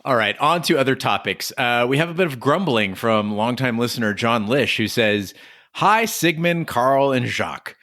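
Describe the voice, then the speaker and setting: A man's voice: medium pitch, normal speed, hardly any pauses, bright, forceful tone, no echo, studio quality. A man hosting a podcast, reading listener emails aloud with a wry, casual delivery.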